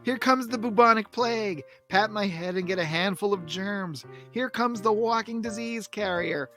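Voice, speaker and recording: Man reading as a theatrical cartoon dog, high and self-pitying. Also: moderate pace, sharp tone, faint music behind. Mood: mock wailing. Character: melodramatic male cartoon beagle, self-pitying.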